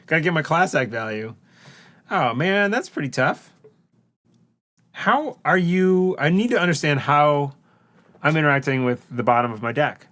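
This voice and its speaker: A man's voice: fairly high pitch, animated, moderate pace, long pauses, a bit bright. A man co-hosting a card game stream, joking and teasing his opponent and greeting viewers in casual chat.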